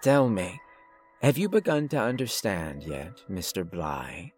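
A man's voice: low-pitched, big pitch swings, darkish tone, soft background music. A man doing a coldly polite asylum doctor. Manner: polite, measured, conversational. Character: calm, clinically detached male asylum doctor, menacing.

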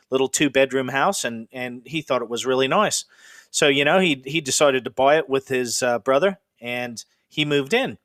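A man's voice: medium pitch, fairly bright tone, dry recording, clean studio sound. A middle-aged man from the Pacific Northwest, hosting a podcast and telling ghost stories in a chatty, rambling way with frequent fillers. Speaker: podcast host. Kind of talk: casual ghost storytelling.

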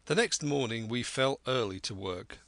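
A man's voice: medium pitch, normal speed, no room sound. Man reading an audiobook, dry close sound. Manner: steady, clear reading. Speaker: audiobook narrator. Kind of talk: scripted narration.

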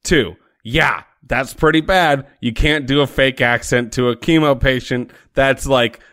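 A man's voice: medium pitch, measured pace, a bit bright, no room sound. A man co-hosting a podcast, giving dry, sardonic commentary and counting off his points. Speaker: podcast co-host. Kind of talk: casual chat.

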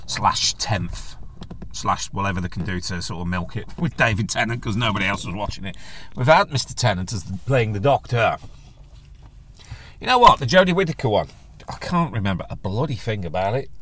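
A man's voice: on the low side, a bit bright. Guy ranting on his podcast, crude jokes n swearing, voice bouncing all over the place. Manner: blunt, crude jokey banter with swearing. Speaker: podcast host. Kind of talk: casual solo podcast rant.

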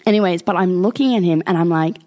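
A young woman tells a story on her podcast in casual, animated chat. Her voice sits fairly low for a woman. She swears freely and laughs often. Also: fast. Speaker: podcast co-host.

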